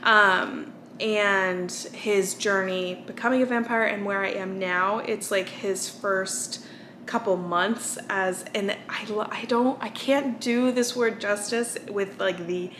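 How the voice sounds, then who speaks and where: A woman's voice: mid-range voice, steady tone, slow pace, noisy background. A young American woman vlogging, chatting casually and tired from little sleep, rambling with fillers and restarts. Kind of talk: casual chat.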